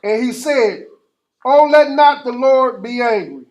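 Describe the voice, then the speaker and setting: A man reading scripture aloud in a Bible class, steady and formal, going through old-fashioned verse verse by verse. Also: very high voice, a little slow. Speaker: scripture reader.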